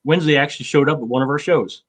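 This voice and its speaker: A show host in his fifties rambles through a casual chat, swearing and using lots of fillers. His voice is a little high and he talks very fast.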